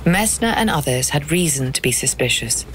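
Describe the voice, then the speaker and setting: A woman in her thirties giving measured, grave documentary narration from a script. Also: sits low, expressive, a little hiss or hum.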